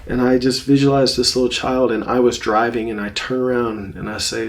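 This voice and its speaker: Guy with a gravelly voice, slow gentle self-help teaching, mid pitch, says things twice. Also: level tone. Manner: gentle, reflective, repeats phrases for emphasis. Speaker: course instructor. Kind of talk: guided self-help lesson.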